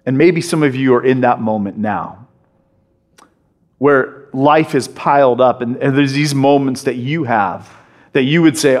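A man's voice: mid-range voice, a little slow, darkish tone. A man preaching a sermon as a pastor, passionate and emphatic, often restarting his phrases as he pushes a point.

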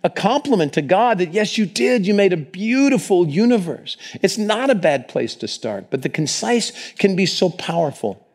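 A man preaching a sermon to a congregation in a conversational, animated way, often acting out short quoted prayers. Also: high-pitched, moderate pace, few pauses. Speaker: pastor.

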